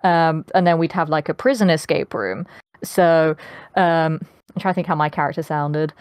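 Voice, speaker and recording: On clean, echo-free studio audio, a young woman with a posh British accent speaks in a low, darkish, clear and resonant voice at a moderate pace. She's a voice actress guesting on a casual podcast, chatting freely with lots of ums and frequent laughter.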